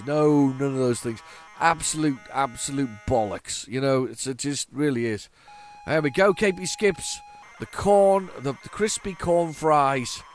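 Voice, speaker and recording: A man's voice: mid-range voice, slight background noise. A tired middle-aged man, rambling and joking as he hosts a retro gaming video and keeps restarting his sentences. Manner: rambling, chatty, many restarts, sarcastic asides. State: tired, yawning. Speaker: retro gaming channel host. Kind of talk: casual commentary while loading games.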